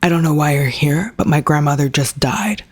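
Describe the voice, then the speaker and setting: A woman's voice: sits low, moderate pace, slightly rough. A woman voicing an indignant young woman who snaps back at an old bully. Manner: sharp, indignant. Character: young woman, bitter and defiant.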